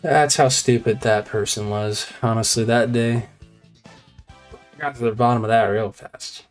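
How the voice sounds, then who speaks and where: A man chatting on a game stream, at an ordinary pitch for a man. He rambles through a story with many fillers and restarts. Faint music plays in the background. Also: fairly even intonation, measured pace. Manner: rambling, filler-heavy, repeats "I said". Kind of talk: casual storytelling chat.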